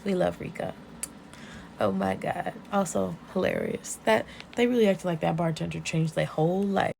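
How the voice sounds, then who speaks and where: Young woman vlogger, lively profane storyteller, gravelly fry. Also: lowish voice, normal speed, slight background noise, low-quality recording. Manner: animated, profane, laughing storyteller. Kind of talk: casual story recap.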